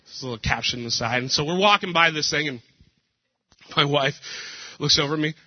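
A male pastor preaching a casual sermon, telling jokes and stories with a relaxed, conversational manner. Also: a little high, fairly quick, husky, dry recording. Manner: casual, joking storyteller. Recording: dull dry lo-fi.

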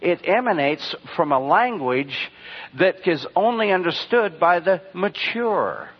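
Husky preacher man, dull recording. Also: high voice, sing-song, measured pace. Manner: rambling storytelling, rhetorical questions to the congregation. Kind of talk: sermon.

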